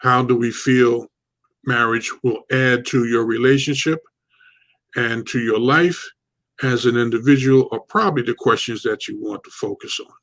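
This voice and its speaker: A man hosting a casual online talk show, talking in a relaxed, rambling way with many fillers. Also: medium pitch, moderate pace. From United States.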